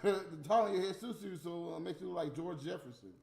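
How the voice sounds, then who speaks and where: A high-voiced man rants to his viewers in coarse, casual speech. He mutters low, then breaks into loud outbursts. His voice echoes around the room over faint background music. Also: fast talker, vocal fry. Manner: profane, ranting, swings from mutters to loud outbursts. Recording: roomy echo, faint music behind.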